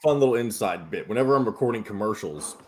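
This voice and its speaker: Radio co-host guy, lowish voice, laid back, chiming in. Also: lively intonation, fast, a little hiss or hum. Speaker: radio co-host and commercial voice-over. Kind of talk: casual sports radio chat.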